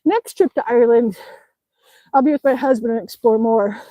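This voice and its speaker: A chatty woman with a high, bright voice streams live from outside in the snow, reading viewers' comments aloud and laughing often. She sounds a little winded from exercise, and the sound is close and dry. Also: moderate pace, dry recording, muffled recording. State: slightly out of breath from exercising outdoors. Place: outdoors in the snow.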